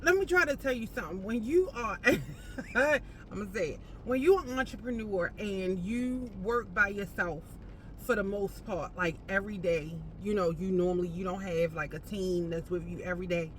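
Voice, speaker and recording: A woman entrepreneur chatting casually to camera while parked outside a post office, animated and playful, calling the viewer baby. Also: mid-range voice, moderate pace, slight background noise. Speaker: entrepreneur vlogger.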